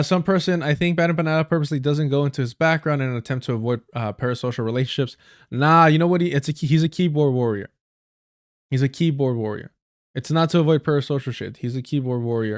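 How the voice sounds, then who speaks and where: A man with a slightly high voice hosts a livestream, ranting briskly in casual commentary. He's blunt and profane, loaded with slang, repeating phrases for emphasis and correcting himself mid-sentence as he tells stories. The studio-quality sound has no room tone.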